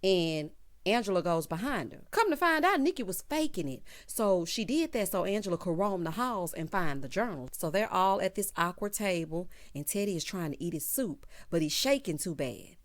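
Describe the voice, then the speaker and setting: A woman's voice: lowish voice, lively intonation, normal speed. A woman recapping a TV episode in a sassy, chatty way, talking straight to her viewers. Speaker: TV recap vlogger. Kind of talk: casual episode recap commentary.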